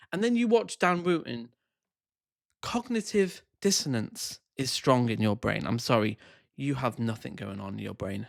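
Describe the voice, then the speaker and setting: Brief: a commentator, exasperated and sweary, with a lively, swooping voice. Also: male voice, medium pitch, normal speed, creaky. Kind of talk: reaction commentary.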